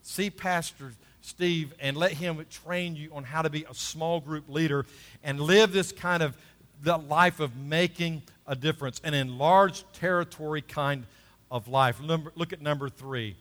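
Bright-voiced male pastor preaching. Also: fairly high pitch, a little slow, long reverb tail. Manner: emphatic, repeats key phrases, asks the congregation for responses. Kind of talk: sermon.

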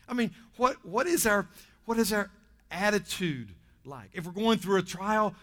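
A man preaching a sermon in church, swinging between loud bursts and quiet asides. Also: high voice, lively intonation, normal speed. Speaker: pastor.

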